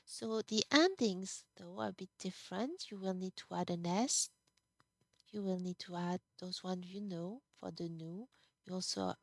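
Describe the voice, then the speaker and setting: Woman teaching a class, slow and patient, dry close sound. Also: medium pitch, no room sound. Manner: slow, patient explaining with restarts. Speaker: French teacher. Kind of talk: classroom lesson.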